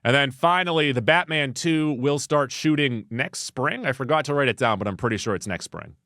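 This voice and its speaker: A man's voice: mid-range voice, a little fast, bright, forceful tone, no echo. A man co-hosting a casual movie news podcast, reading items with a wry, joking delivery.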